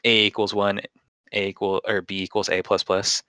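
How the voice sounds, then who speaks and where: A man's voice: lowish voice, level tone, normal speed, pushed and bright, smooth, poor audio. A man running a tabletop game as game master, narrating loosely and jokingly. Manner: loose, joking, rambling with fillers.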